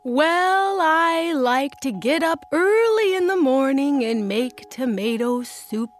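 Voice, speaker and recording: A woman voicing a cheerful male racing turtle who talks in a slow, drawn-out way. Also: sits high, expressive.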